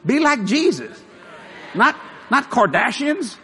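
Animated preacher man, lively pitch. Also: slow, background noise. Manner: animated, chuckling, shouts for emphasis. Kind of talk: storytelling sermon.

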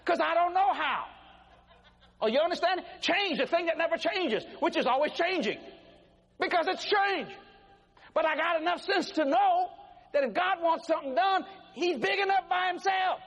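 An older preacher with a strikingly high voice delivers a folksy sermon, his pitch swinging up and down with every point. His voice rings through the long reverb of a large hall. A faint hiss sits in the background. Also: normal speed, muffled recording. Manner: folksy, animated preaching with acted quotes. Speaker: pastor. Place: church sanctuary. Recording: echoey hall, faint noise.

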